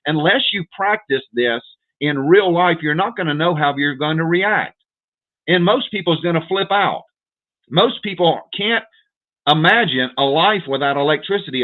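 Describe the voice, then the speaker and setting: A man hosting a livestream, lecturing viewers in an urgent, repetitive way and calling them "folks" over and over. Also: fairly high pitch. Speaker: prepper livestream host. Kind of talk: direct-to-viewer livestream rant. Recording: tinny phone-like audio.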